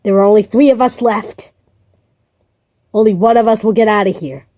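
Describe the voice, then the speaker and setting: A woman voicing a despairing doll girl who turns into a cold killer, speaking flatly and bitterly, in a casual story pitch. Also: normal speed, dry recording, clean studio sound, natural voice.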